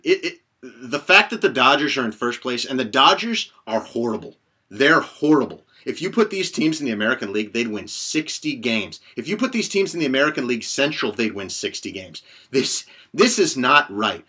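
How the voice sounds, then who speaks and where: A man's voice: mid-range voice, pushed and bright, breathy edge. A man ranting in angry, profane sports commentary, repeating himself as he complains.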